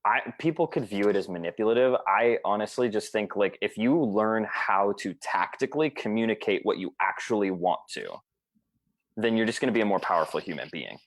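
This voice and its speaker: A man's voice: lowish voice, animated, fairly quick. A man chatting casually as a sales coach, peppering his talk with "like" and the odd swear word. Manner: casual, fills speech with "like", swears. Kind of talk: casual podcast chat.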